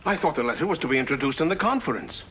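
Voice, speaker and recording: A polished old European baron. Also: male voice, fairly high pitch, lively intonation, racing, bright, forceful tone, husky, exaggerated voice. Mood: placating. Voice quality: polished, placating. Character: polished, smooth-mannered European baron, older man. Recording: dull, faintly noisy old TV sound.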